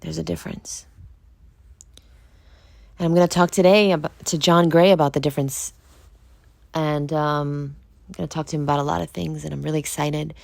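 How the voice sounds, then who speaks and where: A woman hosts her own podcast, talking alone in a candid, confessional monologue. Her voice sits very low. She curses casually and keeps turning to the listener with questions. The recording is dry, with no room sound. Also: fairly even intonation, moderate pace, gravelly, pauses often, a little mellow, no echo. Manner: frank and confessional, swears freely; conversational, asks listeners direct questions. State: just woke up. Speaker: podcast host.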